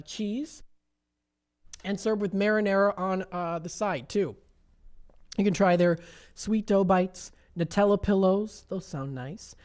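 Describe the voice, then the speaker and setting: A Midwestern woman hosts a local radio shopping show, talking into a studio mic. Her voice sits a little low for a woman. She rambles through lists with plenty of "uh"s and easy asides. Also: darkish tone. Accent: Midwestern American. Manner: reads menu items aloud with frequent fillers. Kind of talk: casual radio sales chat.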